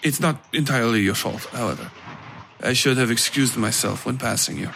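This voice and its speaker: A man voicing a stiff, proper foreign gentleman traveler who speaks formally and gets flustered easily. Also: mid-range voice, fairly quick, vocal fry, a little hiss or hum.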